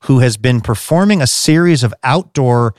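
A man's voice: medium pitch, animated, normal speed, darkish tone, no room sound. A man hosting a radio show in a studio, reading show previews in an upbeat, conversational way.

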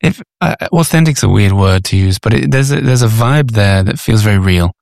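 A man hosting an interview, relaxed and curious, asking his guest questions. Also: fairly low pitch, a little fast, gravelly, no room sound, clean studio sound. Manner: relaxed, curious, brief prompts. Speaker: podcast host. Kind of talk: conversational interview.

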